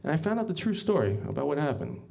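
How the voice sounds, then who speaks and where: A man's voice: on the high side, very animated, fast talker, creaky, darkish tone. A man doing a stand-up comedy set as emcee, rambling and self-mocking, chuckling at his own jokes.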